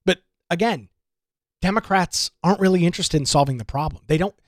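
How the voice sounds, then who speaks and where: A man's voice: on the high side, a little fast, no echo, studio quality. A man hosting a political talk show, delivering an emphatic, indignant monologue with lots of rhetorical repetition. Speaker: radio talk show host.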